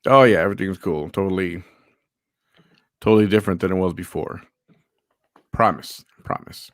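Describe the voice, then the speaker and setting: A man with a fairly low voice hosts a casual live show, reading out viewer comments and greeting people in an easygoing way. His voice is recorded dry and close. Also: normal speed, no echo. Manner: reads chat comments aloud, easygoing. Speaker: host.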